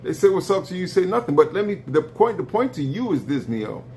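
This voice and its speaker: A man hosting a live stream, lecturing bluntly with profanity and sharp swings in pitch during a heated argument. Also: very animated, fast talker, a little hiss or hum.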